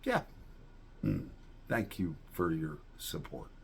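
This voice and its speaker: A man's voice: very deep voice, huge pitch swings, slow, gravelly, darkish tone, slight background noise. A man in a folksy, rambling casual chat to viewers, often tossing in "all right?" asides. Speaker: vlogger.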